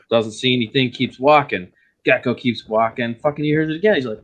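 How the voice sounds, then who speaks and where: A man's voice: mid-range voice, fairly quick. A man in casual voice chat, telling a long crude joke full of swearing. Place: online voice chat.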